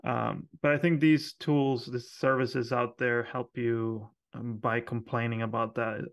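A man co-hosting a podcast, talking shop in a relaxed, chatty way with lots of fillers and quick laughs. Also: medium pitch. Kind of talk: casual technical chat.

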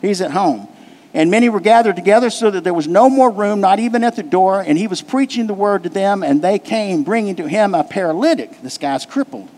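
A man's voice: sits high, a little fast, a little mellow, big-room sound. A man preaching a sermon to his congregation, pressing his points with repetition and questions put to the room. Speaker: pastor. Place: church sanctuary.

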